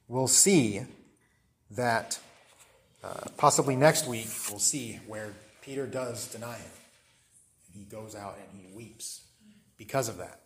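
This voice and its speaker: A man teaching a Bible study class in a conversational way, often checking in with the listeners. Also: medium pitch.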